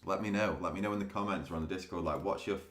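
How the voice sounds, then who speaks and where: A man's voice: low-pitched, very fast, fairly bright tone, echoey room. A man chatting casually with viewers on a live stream, laughing often and restarting his sentences. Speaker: day trading streamer.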